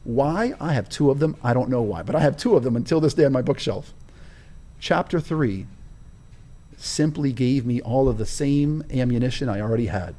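An animated man with a dark, mid-range voice talks at normal speed. He's the guest in an interview, telling his own story and leaning hard on key words in a preaching rhythm.

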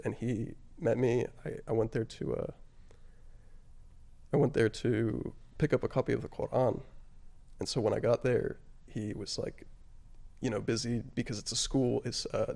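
A man telling his personal story as an interview guest, halting and reflective, often pausing on fillers and dropping his voice on emotional points. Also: mid-range voice, fairly even intonation, creaky, a little mellow. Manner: halting and reflective, frequent "like" and "you know" fillers.

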